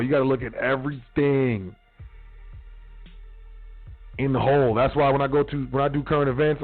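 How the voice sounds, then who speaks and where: Guy on talk radio preaching at listeners, slangy and cussing, sounds like a phone call, faint music behind. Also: mid-range voice. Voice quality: profane, street slang, preachy. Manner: blunt, repetitive, lecturing. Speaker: radio talk show host. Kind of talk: casual solo radio talk.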